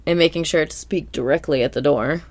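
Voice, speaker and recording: Low-voiced woman podcast host. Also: fairly quick, crowd noise. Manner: animated, slips into character quotes; swears casually. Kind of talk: casual episode recap chat.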